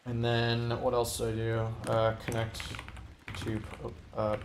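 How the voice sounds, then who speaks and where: A man talks his way through his code on a livestream, rambling and restarting his sentences as he thinks. His voice is gravelly at mid pitch, and the room around him echoes. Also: completely flat delivery, slow pace, slight background noise. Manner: rambling, thinks aloud with many fillers and restarts. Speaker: livestreamer coding web app. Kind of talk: casual think-aloud coding stream.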